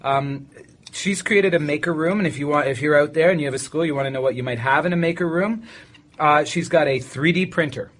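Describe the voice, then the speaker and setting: A man's voice: on the high side, fairly quick, fairly bright tone. Brief: Canadian male podcast host, playful and joking, casual banter. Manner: joking, playful, puts on silly voices. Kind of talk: casual chat.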